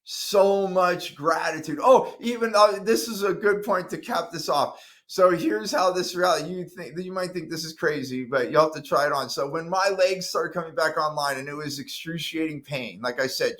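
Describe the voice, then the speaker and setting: An earnest man speaks as a guest in an interview with a high, light voice. He tells his story with emphasis and conviction. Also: normal speed, fairly bright tone. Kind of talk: interview talk.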